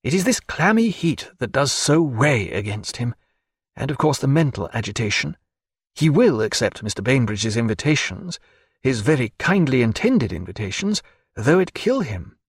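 A narrator voices a ship's physician, measured and wry, in a voice close to his own. Delivery is expressive and varied in pitch. The recording is dry and intimate. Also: slightly rough, no echo. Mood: grave.

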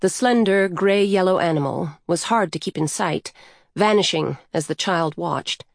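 A woman narrating a story aloud in a calm, even storytelling manner. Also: on the low side, measured pace, vocal fry, dry recording, clean studio sound.

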